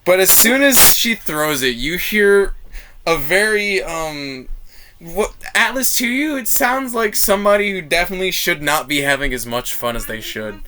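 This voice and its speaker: A man narrating a tabletop role-playing game as game master, animated and laughing at times. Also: high-pitched, moderate pace, a little hiss or hum.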